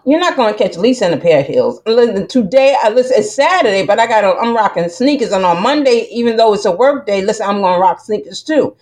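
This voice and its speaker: A woman with a fairly high voice talks straight at her listeners as a podcast host. Her delivery is emphatic and preachy. She rambles through fillers and false starts and keeps breaking in with "listen". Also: a little mellow. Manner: rambling with many fillers and restarts. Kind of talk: casual monologue podcast.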